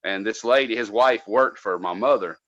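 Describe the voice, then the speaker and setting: A man from North Georgia, a podcast co-host telling a casual, profane story from his days as a cable tech, loudly acting out what people said. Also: on the low side, normal speed, dry recording, lo-fi sound. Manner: profane, animated, acts out quotes loudly.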